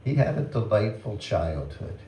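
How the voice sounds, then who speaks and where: An older man giving a temple talk, reminiscing in a gentle, chuckling storytelling way. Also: lowish voice, very animated, normal speed, distant mic, slight background noise. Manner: gentle, chuckling anecdotal delivery. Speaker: guest speaker at a temple. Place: temple hall. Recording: roomy temple hall with faint ambience.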